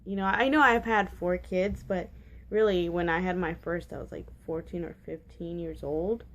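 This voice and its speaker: A woman's voice: on the low side, fairly even intonation, moderate pace, a bit bright. A woman in her twenties telling a personal story in a casual vlog, rambling and candid, full of fillers and restarts and prone to giggling. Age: 20s. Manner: candid and giggly about awkward details. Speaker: vlogger.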